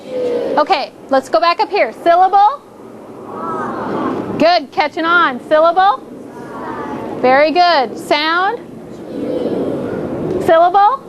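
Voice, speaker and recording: A woman's voice: very high voice, animated, takes it slowly, long pauses, lo-fi sound, background noise. A woman teacher leading a classroom phonics lesson, upbeat and coaxing, making the drill into a playful points game.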